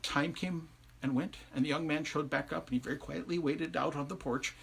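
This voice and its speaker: A man telling a folktale live, conversational and animated, with asides to his listeners. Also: on the high side, fairly quick, creaky, slightly rough. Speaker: storyteller. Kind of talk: oral folktale telling on a livestream.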